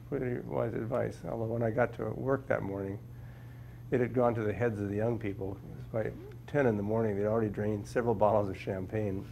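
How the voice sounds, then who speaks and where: A man's voice: medium pitch, vocal fry, darkish tone, a little hiss or hum. A man from Minnesota speaking to a class as a guest scientist, telling humorous stories and often repeating words as he finds them. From Minnesota, USA. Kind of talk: anecdotal talk to a class. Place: lecture room with a live audience.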